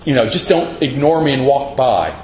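A man's voice: medium pitch, animated, moderate pace, darkish tone, a little hiss or hum. A man preaching a sermon in a folksy, conversational way, acting out the voices he quotes. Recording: roomy, dull sound with faint ambience.

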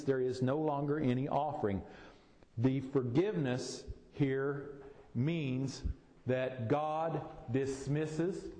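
Middle-aged male pastor, folksy and explanatory, slow measured preaching, roomy echo of a hall. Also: mid-range voice, warm tone, a little hiss or hum. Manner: folksy, explains slowly with homely examples. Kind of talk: sermon. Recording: echoey hall, voice from a distance.

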